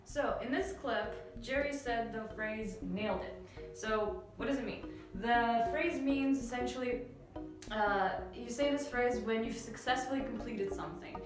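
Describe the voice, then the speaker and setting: A young woman from Canada, explaining English phrases in a relaxed, chatty lesson with many fillers. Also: on the high side, a little slow. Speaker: English teacher. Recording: very echoey room with faint music.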